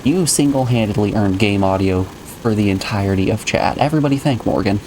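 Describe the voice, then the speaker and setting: A man's voice: lowish voice, brisk, darkish tone, slight background noise. A man streaming a game live, chatting casually and rambling to his viewers. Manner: rambling, chatty, addresses chat. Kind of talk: casual live gameplay chat.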